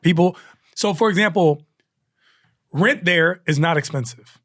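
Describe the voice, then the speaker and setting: Man, comedian guest, casual storytelling, animated, fairly high voice, dry sound. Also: dry recording. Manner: animated, loose, with quick asides and restarts.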